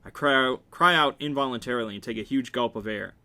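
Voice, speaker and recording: A man reads a novel aloud at a quick pace, his voice middling in pitch with a bright, forward tone. As the reader, he stays wry and casual, tossing in joking asides between passages.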